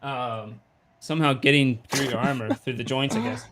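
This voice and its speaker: A man from Canada narrating a tabletop game as dungeon master, halting with fillers. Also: mid-range voice, crowd noise. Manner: slow, halting narration with many fillers and laughs.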